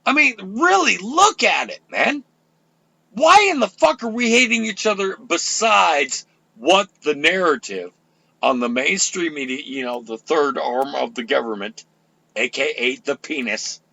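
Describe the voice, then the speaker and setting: An older man rants on his own radio show, loud and full of profanity. His voice is gravelly and bright, set a little high for a man, and it swings widely in pitch. The sound is close and dry. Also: animated, a little slow, no room sound. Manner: loud, profane, fiery ranting. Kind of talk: ranting talk radio.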